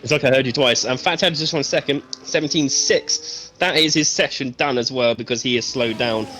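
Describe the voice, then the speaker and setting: A man calls a live sim racing qualifying session in a relaxed, chatty way, often pausing on fillers before lifting his energy at the finish line. His voice sits mid-range, with a faint hiss of noise behind it. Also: medium pitch. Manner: casual, hesitant fillers, builds excitement on finishes. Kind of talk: live esports commentary.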